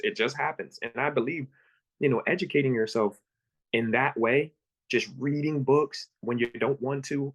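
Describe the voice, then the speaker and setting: A man in his thirties from Pennsylvania, telling his own story as a guest with earnest, halting, repeated phrases. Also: mid-range voice, a bit bright. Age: 30s. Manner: earnest, repeats words, acts out his own thoughts in quotes. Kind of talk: candid personal storytelling.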